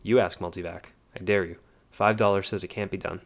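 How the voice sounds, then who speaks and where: A gruff, scornful male technician, read by a man in a deep voice that barely rises or falls. He talks bluntly, mocking his drinking partner in a storybook reading. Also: steady tone, fairly quick. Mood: taunting. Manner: blunt, scoffing.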